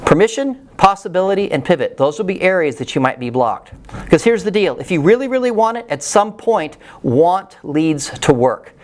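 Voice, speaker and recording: A man's voice: high voice, big pitch swings, brisk. A man giving an earnest, encouraging motivational talk straight to the camera, telling a personal story. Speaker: motivational speaker.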